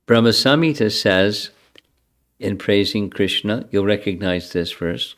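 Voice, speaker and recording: Older male spiritual teacher, low unhurried delivery, conversational scripture lecture with chanted verses. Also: fairly bright tone. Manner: chants verses, then explains them, conversational.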